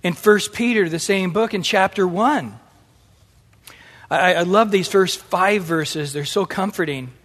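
High-voiced man preaching in a hall. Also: a little slow. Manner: animated, acts out quoted voices. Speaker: pastor. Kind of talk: sermon. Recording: long hall reverb.

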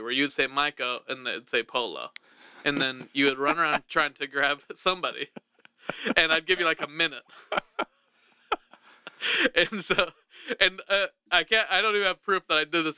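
A man's voice: on the high side, sharp tone, clean tone, no room sound. A man hosting a casual comedy podcast, rambling and laughing often as he jokes. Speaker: podcast host.

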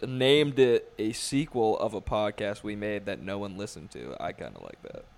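Lively-voiced man with blunt jokes. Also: on the low side, moderate pace, vocal fry. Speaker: podcast co-host. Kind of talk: casual comedic chat.

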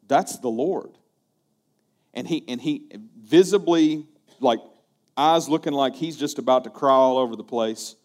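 A man's voice: medium pitch, a little mellow. A male pastor preaching a sermon, telling a story earnestly and often repeating his words.

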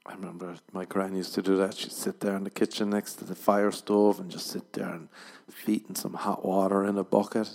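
Podcast host, low husky gravelly voice, deadpan rambling comic riffs. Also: male voice, fairly quick. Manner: rambling, deadpan, jumps into loud mock voices. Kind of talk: comic monologue.

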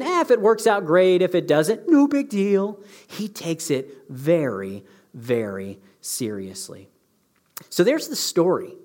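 A male pastor giving a conversational, emphatic sermon, often checking in with his listeners. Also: high voice. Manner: conversational, emphatic, asks the audience questions.

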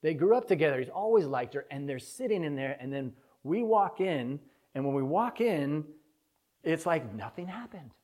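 A man's voice: on the high side, sing-song, moderate pace, a little mellow. A man preaching a conversational sermon, telling a personal story in an earnest, candid way that swells with feeling.

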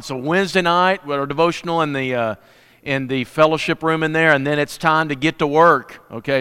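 Male pastor, folksy and joking, smooth resonant voice a bit high, long church reverb. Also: sharp tone. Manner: folksy, joking, many restarts. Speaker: preacher. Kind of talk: casual sermon with announcements. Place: church sanctuary.

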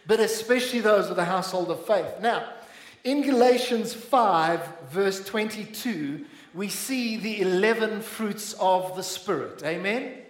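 A South African man with a fairly high voice preaches a sermon, earnest and direct, and keeps calling for responses from the room. The sound carries the echo of a church hall. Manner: earnest preaching, calls out to the congregation. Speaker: pastor.

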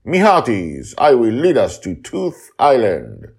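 A man voicing an excitable pirate captain father who calls out in loud, theatrical pirate style. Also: medium pitch, slow pace, slightly rough, pitched above the performer's own voice, heavily acted. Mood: grand. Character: booming excitable male pirate captain dad.

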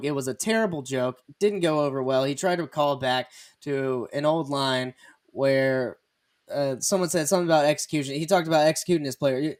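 A man hosting a comedy sports podcast, rambling and joking as he lets the talk flow. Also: a little high. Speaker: podcast host. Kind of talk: casual sports chat.

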